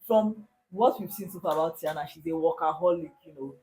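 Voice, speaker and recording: A Nigerian woman co-hosting a casual reality show recap, chatty and relaxed. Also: low-pitched, brisk, slight background noise, poor audio. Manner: relaxed, chatty, with frequent fillers. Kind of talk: casual chat.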